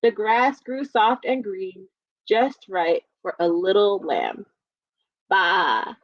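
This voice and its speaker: A woman's voice: medium pitch, expressive, takes it slowly, no room sound, muffled recording. Cheerful woman reading a children's storytime. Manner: gentle, encouraging, reads aloud then explains simply. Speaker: children's librarian.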